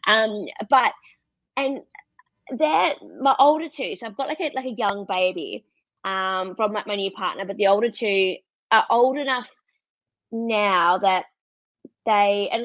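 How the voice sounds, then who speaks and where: A woman's voice: mid-range voice, a bit bright, no echo. An Australian woman in her thirties tells a personal story in candid, casual chat, laughing often and acting out what others said. Her voice sits close and dry, with a slightly dull, muffled sound. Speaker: podcast guest.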